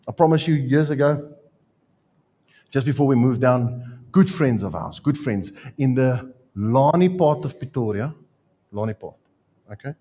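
A man with a South African accent preaching a sermon, telling stories with jokes and lively asides. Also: medium pitch, a little slow, pauses often. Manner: storytelling, joking, animated asides. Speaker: pastor.

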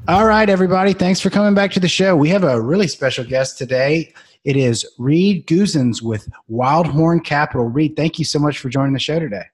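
A man's voice: a little high, a little fast, breathy edge, soft background music. A man hosting a podcast interview in an upbeat, casual way. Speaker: podcast host.

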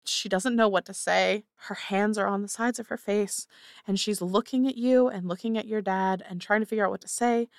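Woman game master, mid-pitched, loose descriptive narration, dry close mic. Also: fairly even intonation, moderate pace, creaky, dry recording. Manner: casual, descriptive, many fillers.

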